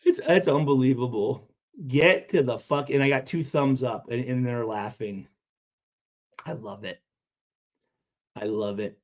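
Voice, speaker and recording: A man's voice: medium pitch, a little slow, pauses often. A man reading and reacting to viewer comments, cursing freely, stuttering and restarting his sentences. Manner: profane, animated, repeats himself.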